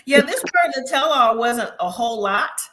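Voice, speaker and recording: A woman's voice: a little high, lively intonation, normal speed, a bit bright, a little hiss or hum. A woman hosting a casual live review chat, opinionated and chatty, laughing often. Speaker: host.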